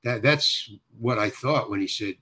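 A man's voice: medium pitch, measured pace, bright, forceful tone, husky. Rambling older man telling a story. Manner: rambling, self-correcting storyteller with frequent restarts. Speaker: guest actor. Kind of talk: anecdotal storytelling in conversation.

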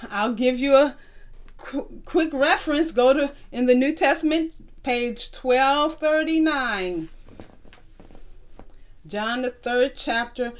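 A woman teaching a children's Bible lesson in a patient way, asking the class to repeat verses after her. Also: high-pitched. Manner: slow, patient, call-and-response teaching. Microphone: recorded tape.

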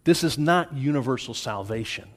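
A man's voice: medium pitch, animated, moderate pace. A man teaching a Bible study lecture in an earnest way, often checking in with his listeners. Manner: earnest, checks in with "all right?".

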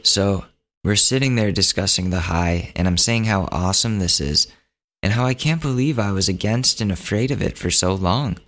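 A man's voice: fairly low pitch, moderate pace, fairly bright tone. A man hosting a podcast, telling a personal story in a laid-back, joking, chatty way. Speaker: podcast host. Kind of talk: casual storytelling monologue.

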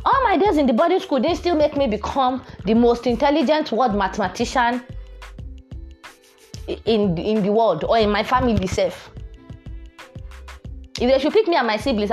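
A woman's voice: fairly high pitch, animated, moderate pace, darkish tone, soft background music. A young woman with a Nigerian accent, telling a story casually and animatedly, mixing in Pidgin phrases. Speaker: vlogger.

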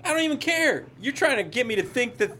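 A man's voice: extremely high pitch, sing-song, fast, sharp tone. A man in a casual podcast chat, joking playfully with his friends.

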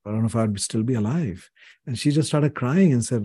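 A man's voice: mid-range voice, a little fast, dark tone, husky, no echo, studio quality. A man in his sixties from India, a podcast guest telling personal stories in an earnest, reflective way, often saying "you know". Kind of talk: reflective interview conversation.

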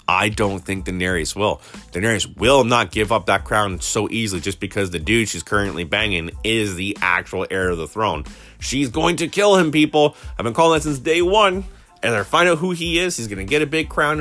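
A man's voice: lowish voice, lively intonation, brisk, pushed and bright, soft background music. A man casually recapping a TV episode, rambling and retelling scenes with lots of restarts.

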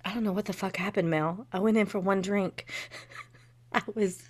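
A woman co-hosting a podcast in casual chat, animated, swearing freely and laughing often. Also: medium pitch, normal speed. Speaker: podcast co-host.

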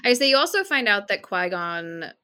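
A woman's voice: medium pitch, sing-song, moderate pace, pushed and bright. A woman co-hosting a casual film podcast, chatty and opinionated, with many "like" fillers. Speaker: podcast co-host. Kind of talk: casual chat about films.

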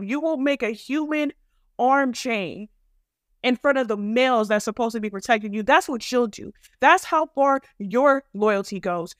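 Young black woman ranting on her podcast, smooth clear voice, dry mic, cusses a lot, very blunt. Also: fairly high pitch, dry recording. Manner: blunt, profane and emphatic. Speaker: podcast host. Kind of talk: opinionated commentary monologue.

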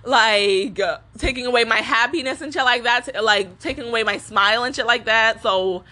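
A woman's voice: fairly high pitch, moderate pace, bright, forceful tone. A young woman vlogging a casual rant full of cursing and fillers, laughing often between sentences. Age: young adult. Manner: swearing, rambling with many fillers; laughs often while talking.

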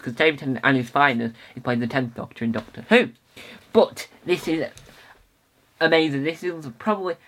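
A man's voice: mid-range voice, sharp tone. A young man hosting his own podcast, talking casually and enthusiastically, rambling with many fillers and restarts. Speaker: podcast host. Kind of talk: casual solo podcast talk.

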